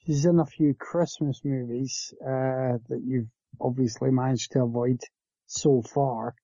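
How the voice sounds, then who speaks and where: A man's voice: mid-range voice, fairly even intonation, measured pace, mellow, dry recording. A man co-hosting a podcast, speaking hesitantly with lots of fillers, and teasing his co-host. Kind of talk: casual chat. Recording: dull lo-fi, dry.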